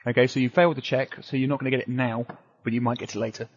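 A man's voice: mid-range voice, flat delivery, racing. A man running a tabletop game as game master, joking and laughing often. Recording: muffled lo-fi audio.

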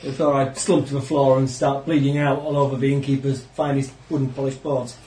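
A man's voice: medium pitch, little pitch movement, fairly quick, mellow, a little hiss or hum. A man playing a tabletop game, talking in a rueful, comically dramatic way. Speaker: player. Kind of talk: casual tabletop banter. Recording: echoey room.

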